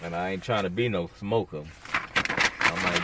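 A man's voice: low-pitched, moderate pace, long pauses, very noisy. A man hosting a podcast alone, rambling casually with blunt, sarcastic asides. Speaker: podcast host. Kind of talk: casual solo podcast monologue.

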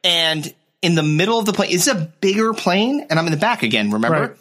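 Man, bright and forceful voice, slightly high, animated profane storyteller, casual chat. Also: fairly quick. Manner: animated, profane, acts out other people's voices. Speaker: podcast co-host telling a travel story.

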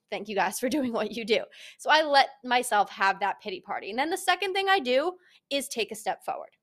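A young woman talks through her solo podcast in a casual, candid way. Her voice sits slightly high, and she is blunt and lively, with plenty of profanity. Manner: blunt, frank and profane, animated. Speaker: podcast host.

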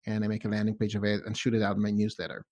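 A man's voice: fairly low pitch, monotone, racing, a little mellow. Guy with a funky mixed accent nobody can place, chatting from his home office, keeps saying right?. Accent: mixed, hard-to-place. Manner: conversational, says "right?" often. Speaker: guest. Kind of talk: casual podcast chat.

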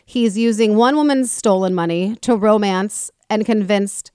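A woman hosting a casual talk show, retelling a story in an animated way and acting out the people in it. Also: mid-range voice, unhurried, clean tone, dry recording, clean studio sound. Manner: animated retelling, acts out quoted people with swearing. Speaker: podcast host.

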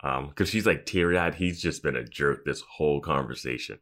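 Very deep-voiced man in casual chat. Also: moderate pace. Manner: relaxed, agreeable, many short affirmations. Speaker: podcast co-host. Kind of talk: casual chat about a TV episode.

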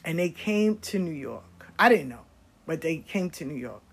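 A middle-aged woman telling stories about her life in a casual, blunt and animated way, swearing freely. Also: deep voice, normal speed, slightly rough. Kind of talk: casual storytelling.

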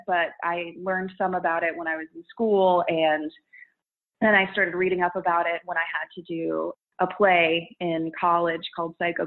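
Young woman talking casually, kinda low voice, tinny phone sound, laughs a lot. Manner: chatty, laughs often, loose restarts. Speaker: guest, content creator. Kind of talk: casual interview chat.

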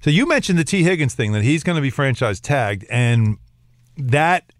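A man's voice: medium pitch, normal speed, dry recording, studio quality. A man hosting a sports radio show, bantering and teasing a guest. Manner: teasing, animated, mimics people.

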